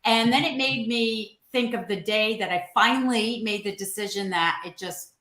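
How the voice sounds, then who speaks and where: A woman co-hosting a casual panel chat, telling stories in an animated way with frequent laughs. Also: on the high side, normal speed, echoey room. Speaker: podcast co-host.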